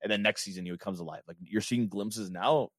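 A man co-hosting a casual football chat, talking in a rapid, profane and emphatic way. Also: fairly low pitch, a bit bright, no room sound. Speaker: podcast co-host.

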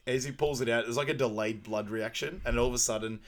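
A man co-hosting a podcast, retelling a film in lively casual chat and acting out the lines he quotes. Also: medium pitch, quick pace. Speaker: podcast co-host.

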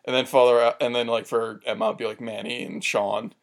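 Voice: medium pitch, level tone, brisk. A podcast co-host who talks casually in a rambling way, full of fillers, and tells personal stories. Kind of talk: casual chat.

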